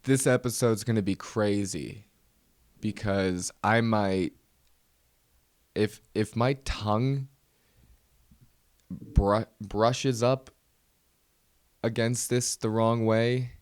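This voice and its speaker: A man's voice: fairly low pitch, fairly even intonation, very slow, long pauses, dry recording, studio quality. A man hosting his own comedy podcast, ranting nervously and mocking himself. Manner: nervous, self-mocking rant. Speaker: podcast host. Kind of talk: solo comedy podcast monologue.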